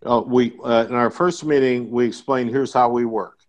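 A middle-aged man talks through his business method in a relaxed interview, slipping in homespun stories and little jokes. His voice sits in an ordinary middle register. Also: mid-range voice, normal speed. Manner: folksy storytelling with jokes. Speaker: guest, IT sales consultant. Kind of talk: conversational podcast interview.

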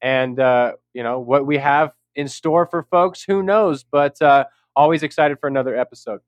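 A man's voice: fairly high pitch, moderate pace, no room sound. A male co-host talks casually and self-deprecatingly, with frequent fillers. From San Jose, California. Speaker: podcast co-host, author.

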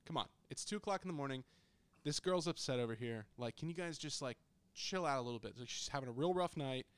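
A man's voice: mid-range voice, fast talker, clear, resonant tone, no room sound. A young man on a podcast telling a story in casual, blunt, profanity-laced chat, right up on the microphone. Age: young adult. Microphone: close studio microphone.

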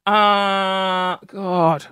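A woman's voice: mid-range voice, fairly even intonation, very slow, sharp tone, clean tone, no room sound, clean studio sound. A woman hosting a casual solo podcast, rambling in half sentences with fillers. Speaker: podcast host.

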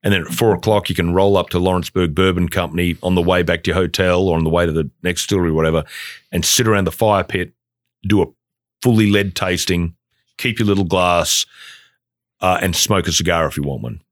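A very low-pitched man from Australia talks as a podcast guest. He rambles eagerly, piling on fillers as he goes. His voice sounds dry and close to the mic. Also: fairly even intonation, fast, no room sound. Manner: enthusiastic, rambling with many fillers. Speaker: guest, bourbon company founder. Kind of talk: casual podcast chat.

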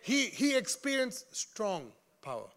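Lively, bright-voiced male preacher. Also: sits high, slow. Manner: animated, joking, laughs at his own jokes, calls on the congregation. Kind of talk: sermon.

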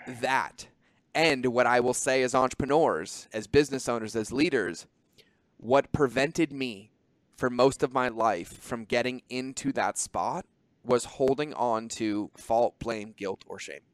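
Male podcast host, animated and profane, average pitch, dry close mic. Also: no echo. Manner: animated, swearing, quick asides. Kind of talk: casual podcast conversation.

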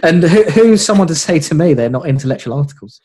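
A man's voice: a little high, lively intonation, fast, warm tone, husky. A man co-hosting a casual podcast, chatty and wry. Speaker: podcast co-host. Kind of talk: casual chat over a video call.

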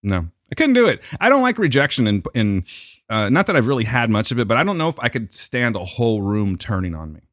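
A man's voice: mid-range voice, sing-song, fast talker, fairly bright tone, no echo, clean studio sound. A man hosting a casual chat who sets up improv bits and swears casually. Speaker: podcast host.

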